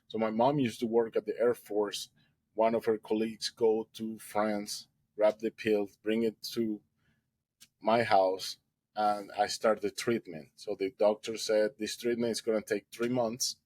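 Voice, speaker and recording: A man's voice: fairly low pitch, little pitch movement, measured pace, a little mellow. A man telling his own story as a guest, earnestly, in English with non-native grammar and acted-out voices. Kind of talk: personal storytelling in an interview.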